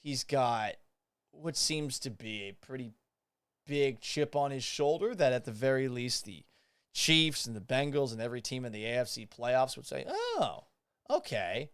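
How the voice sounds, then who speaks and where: A man hosting a live sports talk show, delivering an animated, sarcastic monologue and swearing for emphasis. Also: medium pitch, moderate pace, clean tone, dry recording. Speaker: podcast host.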